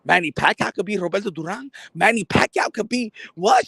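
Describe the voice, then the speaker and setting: High-voiced man in a profane comic rant. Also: expressive, fairly quick, creaky, fairly bright tone, breathy edge, no echo. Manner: incredulous, profane, repeats himself for effect. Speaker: boxing content creator.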